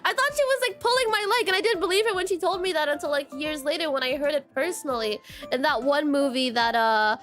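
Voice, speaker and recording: A woman's voice: sits high, quick pace, fairly bright tone, soft background music. A young woman streamer in casual chat, reading viewer comments aloud with giggles and a habit of repeating "question mark".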